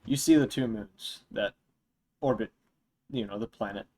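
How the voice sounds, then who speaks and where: A young man running a tabletop game as dungeon master, narrating in a relaxed, meandering way with fillers. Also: fairly low pitch, moderate pace.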